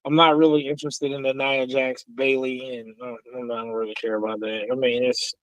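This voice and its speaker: A man's voice: medium pitch, little pitch movement, moderate pace, dry recording, lo-fi sound. A man calling into a sports talk show, chatting casually with lots of fillers. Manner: rambling, warm, full of fillers. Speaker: caller. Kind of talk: casual chat.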